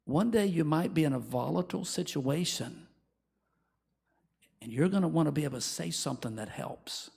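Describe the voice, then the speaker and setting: Speaking at a moderate pace, this preacher has a fairly high, creaky voice with a breathy edge. His sermon features lively Bible storytelling in which he acts out each character's voice.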